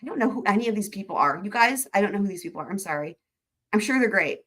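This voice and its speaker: A woman's voice: mid-range voice, lively intonation, fast, fairly bright tone. A woman hosting a live stream in casual chat, rambling, laughing often and reading comments aloud.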